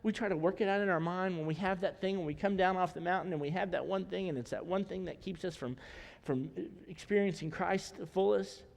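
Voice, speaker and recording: This high-voiced pastor preaches fairly quickly with a creaky quality, keeping the sermon casual and dotted with humorous asides. His voice echoes with long reverb through the sanctuary.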